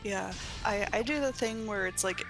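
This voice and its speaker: A woman's voice: mid-range voice, normal speed, low-quality recording. A woman co-streaming, telling stories in a laid-back, giggly way with lots of filler words. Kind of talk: casual gaming chat. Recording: game music behind.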